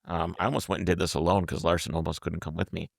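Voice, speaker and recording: Male podcast host, deep gravelly voice, lively raconteur, dry studio sound. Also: fast talker, no room sound. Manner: animated, acts out quotes, repeats and restarts words. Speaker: podcast host telling a road trip story. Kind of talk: casual storytelling chat.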